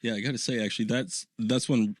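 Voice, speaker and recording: A man hosting a podcast in casual chat, enthusiastic and agreeable, quick to laugh. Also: mid-range voice, steady tone, no echo. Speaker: podcast host. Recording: dry studio sound.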